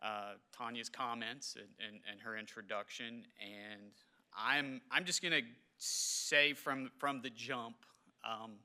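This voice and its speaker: A man, giving a halting, emotional memorial ceremony speech in a large hall. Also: medium pitch, fairly even intonation, sharp tone. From southern West Virginia. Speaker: government official speaker.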